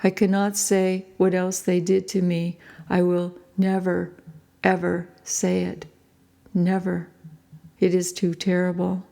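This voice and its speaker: A woman reading her own book aloud in a grave, measured first-person storytelling manner. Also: on the low side, monotone, vocal fry, dark tone. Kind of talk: audiobook narration.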